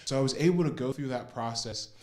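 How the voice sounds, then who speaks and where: A man's voice: mid-range voice, fast talker, a little mellow. An earnest young man giving a personal testimonial, retelling a story and repeating words for emphasis. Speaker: program participant giving a testimonial.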